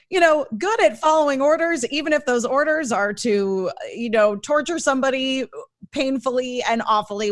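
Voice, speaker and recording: A woman co-hosting a casual chat, enthusiastic and quick to laugh. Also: high-pitched, dry recording, studio quality. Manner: enthusiastic, giggly. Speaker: co-host.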